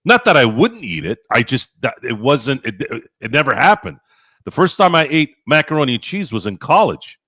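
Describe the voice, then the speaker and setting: A man hosting a podcast, telling stories in casual chat, animated and profane, acting out his own past lines. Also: medium pitch, moderate pace, no room sound, studio quality. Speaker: podcast host.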